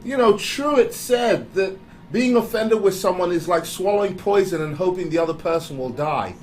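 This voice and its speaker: A man speaking in a slightly high voice tells a personal story in a candid motivational talk. He is animated and confessional, often laughing as he talks. A faint hiss of room noise sits under his voice. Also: normal speed, low-quality recording.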